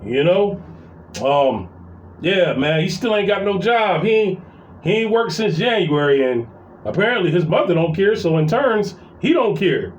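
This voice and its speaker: Brief: middle-aged man, high voice, profane rambling rant, roomy echoey room. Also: expressive, measured pace, highs cut off. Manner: profane, rambling, full of fillers and repeats. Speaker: vlogger venting about family. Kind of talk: casual storytelling rant. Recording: roomy echo.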